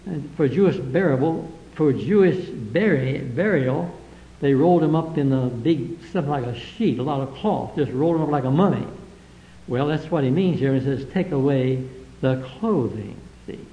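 A man's voice: medium pitch, lively intonation, normal speed. Man preaching verse by verse. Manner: reads scripture aloud verse by verse, then explains it plainly; old-fashioned King James phrasing in quotes. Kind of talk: Bible-reading sermon. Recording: echoey, dull lo-fi recording.

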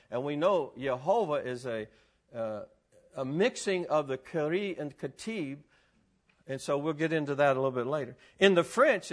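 A man teaching a live group about scripture in an animated, excitable way, laughing often and exclaiming. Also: on the high side. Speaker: Bible teacher.

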